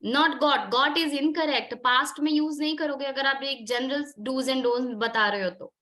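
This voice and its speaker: A woman's voice: sits high, fairly even intonation, very fast, bright, forceful tone. A woman with an Indian English accent coaching a group discussion session, questioning students insistently and switching between Hindi and English. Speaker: communication skills trainer.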